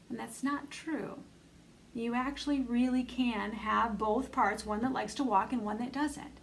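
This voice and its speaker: A middle-aged woman leads a conversational self-help session, earnest and encouraging as she speaks straight to her listeners. Her voice sits a touch high and carries a gravelly fry. A faint hiss of noise sits under her words. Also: fairly even intonation, unhurried, poor audio. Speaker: self-love coach leading an online bootcamp.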